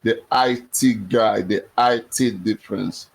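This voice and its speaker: A man's voice: on the low side, fairly even intonation, measured pace, gravelly, breathy edge. Rambling man hosting a livestream. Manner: rambling, boastful. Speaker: livestream host. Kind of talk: casual livestream chat.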